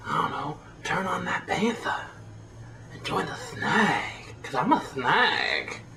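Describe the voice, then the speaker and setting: A performer voicing a slithery, sneaky hypnotist snake in a comedy clip, in a slow, sing-song, teasing delivery. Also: mid-range voice, expressive, vocal fry. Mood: hypnotic.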